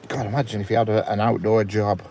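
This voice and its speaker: Deep gravelly man chatting on a live stream. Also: flat delivery, fast, a little mellow, slight background noise. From England. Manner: chatty, greets viewers by name, chuckles. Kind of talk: casual live-stream chat. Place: inside a parked car by a railway.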